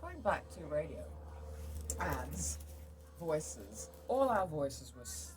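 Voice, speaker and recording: Low-voiced British woman chatting frankly. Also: very animated, slow, rough recording. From England. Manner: rambling, frank, laughs often. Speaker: podcast host. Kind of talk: casual chat. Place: outdoors at home, laundry in the sun.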